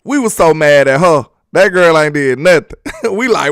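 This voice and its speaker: A man's voice: a little high, animated, normal speed, no room sound, studio quality. A man hosting a casual sports live stream, reading viewer comments aloud in a loose, slangy, repetitive way and laughing often.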